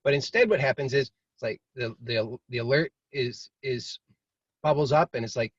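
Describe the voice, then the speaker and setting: A man's voice: medium pitch, normal speed, breathy edge, no room sound. A man teaching in a casual, rambling way, now and then acting out inner voices. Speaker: meditation teacher. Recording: dry, slightly muffled video call audio.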